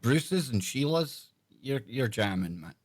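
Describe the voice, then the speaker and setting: A man's voice: medium pitch, very animated, measured pace. A man co-hosting a casual live stream chat, laid-back and rambling. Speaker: co-host.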